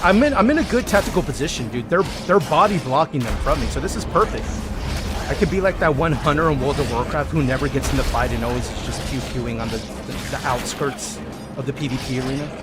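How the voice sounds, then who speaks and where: A male streamer joking, swearing and talking to his game allies as he gives live gameplay commentary. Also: on the high side.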